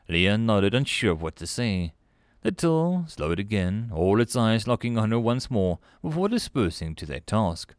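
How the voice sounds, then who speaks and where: A man narrating sci-fi short stories in an expressive, animated audiobook style. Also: on the low side, normal speed, no room sound, clean studio sound.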